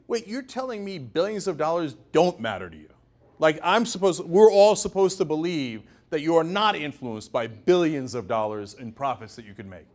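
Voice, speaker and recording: A man in his forties giving an emphatic, sarcastic talk about his media career, mimicking others in quick asides. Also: on the high side. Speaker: show founder and host giving a talk. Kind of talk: animated storytelling talk.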